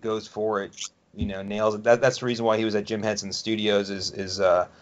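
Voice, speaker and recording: Male podcast co-host, low voice, halting casual talk, lo-fi recording. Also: level tone. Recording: dull lo-fi sound.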